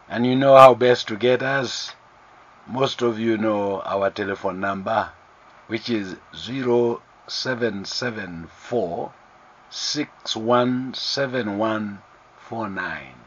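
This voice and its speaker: Slow, deliberate male church spokesman. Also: medium pitch. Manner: slow, deliberate, stressing key words. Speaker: church spokesman making a press announcement. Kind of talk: formal public announcement. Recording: dull, lo-fi broadcast recording.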